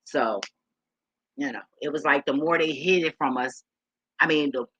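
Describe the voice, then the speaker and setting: Woman vlogging, husky and sharp-toned, rambles and cusses a lot. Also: sits low, moderate pace, no echo, lo-fi sound. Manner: loose and profane, rambling with many restarts; talks straight to her viewers as y'all. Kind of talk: casual rambling monologue to viewers.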